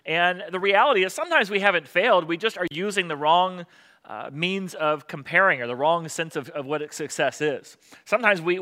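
A male pastor giving a conversational sermon, often pausing with fillers. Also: fairly high pitch, sharp tone. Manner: conversational preaching with many fillers.

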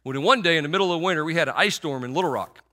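A man's voice: fairly high pitch, racing, sharp tone. A middle-aged man preaching a sermon in a conversational, sarcastic way, with many restarts and fillers.

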